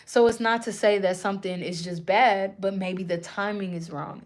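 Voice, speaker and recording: A young woman giving a live channeled spiritual reading to her viewers, speaking in a casual, slangy, animated way. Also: fairly low pitch. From Puerto Rican and Native American roots. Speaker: spiritual reader. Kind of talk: live-streamed channeled message.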